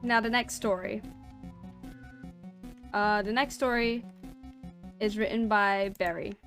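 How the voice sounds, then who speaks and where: A woman's voice: mid-range voice, steady tone, slow pace, fairly bright tone. Woman streamer reading a scary story off a desk mic, faint music behind. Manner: storytelling, then chatty and self-conscious. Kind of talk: reading a spooky story aloud.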